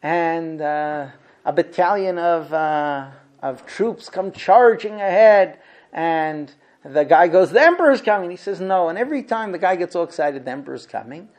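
A man teaching a religious class, telling stories with animated voices for the characters and dropping to hushed whispers. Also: a little high, measured pace. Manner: acts out characters with big swings from shouts to hushed whispers. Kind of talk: animated storytelling lesson.

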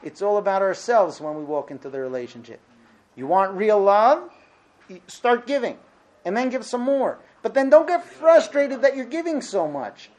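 High-voiced man lecturing with emphasis. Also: animated, moderate pace, a little mellow. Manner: emphatic, with rhetorical questions. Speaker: teacher of a marriage class. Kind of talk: lecture to a class.

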